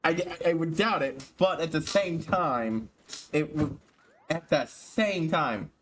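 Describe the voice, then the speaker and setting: A man's voice: a little high, slow, fairly bright tone, a little hiss or hum. Swearing male game streamer. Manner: swears a lot, stumbles over words. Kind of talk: casual gaming commentary.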